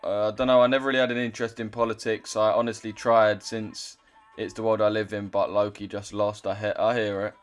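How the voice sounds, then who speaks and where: Casual man streaming live, slightly low voice. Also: flat delivery, a little fast, clear, resonant tone, faint music behind. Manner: loose, chatty, swears casually, reads chat aloud. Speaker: trading livestreamer. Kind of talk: casual livestream chat.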